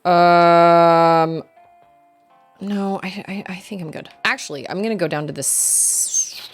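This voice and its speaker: A fairly low-voiced woman from Utah chats and rambles while she streams a game, laughing often between thoughts. She enunciates every word, with hard R's. Faint game music plays behind her. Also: slow. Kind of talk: casual chat while playing a game.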